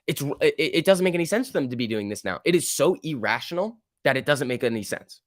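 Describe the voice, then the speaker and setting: A young man hosting a live stock-market stream, talking in an emphatic, excitable rant. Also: on the high side, quick pace, no echo, clean studio sound. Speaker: livestream host.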